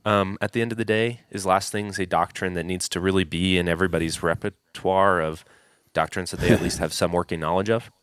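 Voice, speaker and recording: A man's voice: sits low, fairly even intonation, a little fast, a bit bright, clear, resonant tone, dry recording, clean studio sound. A man co-hosting a casual discussion podcast, posing long, hesitant questions. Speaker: podcast co-host.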